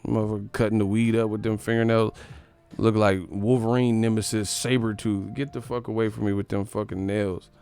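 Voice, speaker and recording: A man from the Bay Area hosting a sports live stream, ranting in a profane, animated, comedic way and laughing often. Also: on the low side, a little fast, vocal fry, clear, resonant tone, faint music behind. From San Francisco Bay Area.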